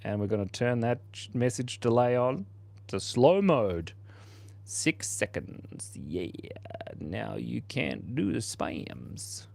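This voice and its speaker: A goofy, easygoing man in his forties hosts a live drawing stream and banters with his chat. His talk is loose, chatty and playful, and his voice sits at an ordinary middle pitch. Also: big pitch swings, takes it slowly, vocal fry, a little mellow. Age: 40s. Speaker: livestream host. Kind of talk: casual livestream chat while drawing.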